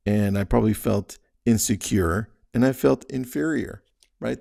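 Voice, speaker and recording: A man's voice: fairly low pitch, moderate pace, creaky, warm tone, dry recording, clean studio sound. A man hosting a real estate podcast, giving casual mindset coaching in a conversational way, often checking in with "right?" and acting out his own inner thoughts. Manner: chuckles mid-sentence.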